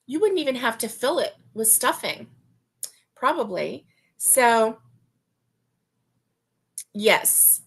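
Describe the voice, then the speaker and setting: A middle-aged woman hosting a casual crochet livestream, chatting warmly, laughing often and reading viewer comments aloud. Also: a little high. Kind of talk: casual live-stream chat.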